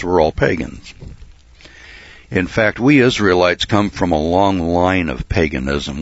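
A man preaching a folksy sermon and Bible study, often saying uh and clearing his throat. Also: low voice, fairly bright tone, no room sound, dull audio. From United States.

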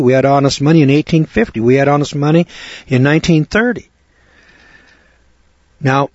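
A man preaching a sermon, sarcastic and fiery, dropping to low asides and rising to loud outbursts. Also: dry recording. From United States. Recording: dry, dull lo-fi recording.

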